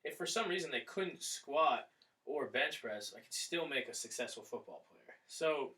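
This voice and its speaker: A man's voice: medium pitch, moderate pace, far from the mic, rough recording. A man who coaches athletes, hosting a podcast and talking casually with fillers and restarts. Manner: relaxed, rambling with fillers. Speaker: strength coach and podcast host.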